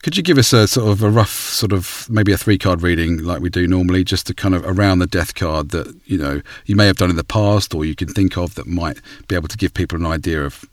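Low, fast-talking male host, encouraging, dry sound. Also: no echo. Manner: encouraging, rambling questions with fillers. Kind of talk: interviewer chat.

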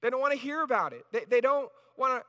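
In a reverberant hall, a male pastor with a very high, sharp voice preaches quickly, his intonation lively. His sermon is conversational, full of restarted phrases and "right?" asides to the congregation.

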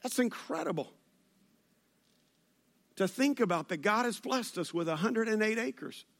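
A pastor with a drawl delivers a sermon in a high, light voice. He talks to his congregation conversationally and teases them with jokes. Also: animated, a little slow, a bit bright. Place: church service.

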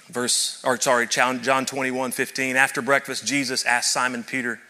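A man's voice: medium pitch, steady tone, normal speed, few pauses, bright, forceful tone. A man preaching a sermon as pastor, telling a story to his congregation and building to fervent emphasis. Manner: addresses audience directly.

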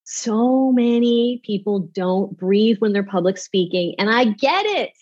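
Animated woman coach, dull lo-fi sound. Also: medium pitch, a little slow. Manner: animated, demonstrating with her voice. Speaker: public speaking coach as a guest. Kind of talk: off-the-cuff interview talk.

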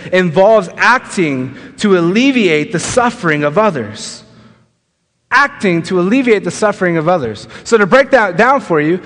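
A young man preaching a sermon, telling a personal story and acting out the quoted lines with lively changes of pitch and pace. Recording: long reverb of a large hall.

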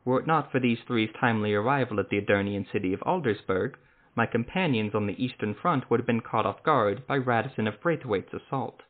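A man's voice: mid-range voice, fairly quick, natural voice. Man voicing a hearty old-soldier marshal. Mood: formal. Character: cheerful middle-aged male imperial marshal. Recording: tinny phone-like sound.

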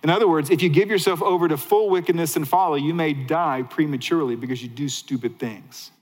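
Animated male preacher in a reverberant hall. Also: fairly quick. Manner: animated preaching, shifting between excited highs and hushed lows. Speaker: pastor. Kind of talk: sermon.

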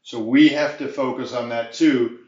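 A man's voice: medium pitch, steady tone, a little slow, a little mellow, echoey room, highs cut off. A man giving an informal video lesson on debt defense, emphatic and folksy, often wandering off on tangents.

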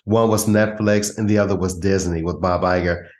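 Low-voiced guy hosting a podcast, room echoes, chatty and agreeable. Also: fairly even intonation, moderate pace, a little mellow. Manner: friendly, affirming, rambling. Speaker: podcast host. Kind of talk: casual interview talk.

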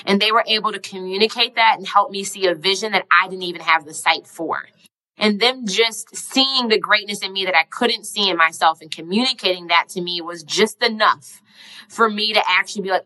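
A young woman speaks in a bright, clear tone, reflecting on her own journey in a casual, heartfelt monologue. She peppers her talk with "like" and sounds close to tears. Her pitch sits in an ordinary middle range. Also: brisk, rough recording. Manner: earnest, heartfelt, casual with filler "like". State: emotional, near tears.

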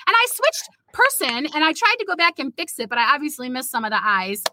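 A woman's voice: high voice, fairly quick, a little hiss or hum. A woman co-hosting a casual writing podcast, reading her own short story aloud and laughing at herself. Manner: animated reader, laughs at herself. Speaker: podcast co-host, writer.

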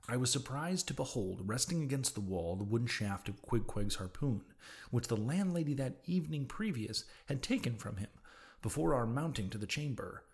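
A man narrating a classic novel in the first person, with a measured, dramatic reading. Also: medium pitch, animated. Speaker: audiobook narrator.

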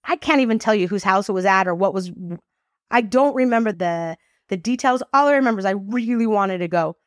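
A woman hosting a faith podcast, telling a personal story in a lively, expressive, casual way. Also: mid-range voice, fairly quick, dry recording, studio quality. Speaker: podcast host. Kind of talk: faith-based storytelling talk.

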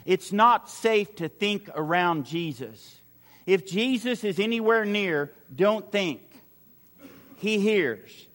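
A man's voice: sits high, expressive, slow pace, a bit bright, big-room sound. A man preaching a sermon as pastor, building his points through repeated phrases and acting out the lines he quotes. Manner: repetitive preaching cadence, acts out quoted lines. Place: large church hall with a crowd.

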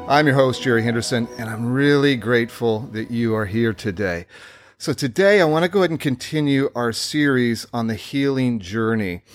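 A man's voice: medium pitch, lively intonation, normal speed, soft background music. A man hosting his own podcast, telling a candid personal story in an earnest, reflective way. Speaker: podcast host.

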